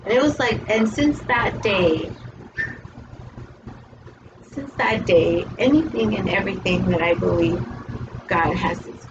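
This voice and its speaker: A woman's voice: on the low side, animated, unhurried, pauses often. Emotional woman telling a faith story. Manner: emotional, storytelling, many fillers like "you know" and "like". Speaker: host. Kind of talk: casual faith talk, personal testimony. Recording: distant, muffled, noisy.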